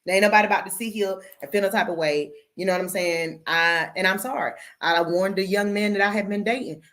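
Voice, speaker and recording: Talking fast at a medium pitch with a fairly bright tone, the middle-aged tarot reader keeps her live stream casual. She's brash and outspoken, cursing often and calling viewers baby.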